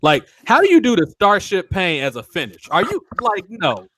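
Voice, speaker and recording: A man's voice: sits high, wildly swooping pitch, moderate pace, a bit bright. Blunt, profane man hosting a chat. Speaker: podcast host. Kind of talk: casual wrestling talk.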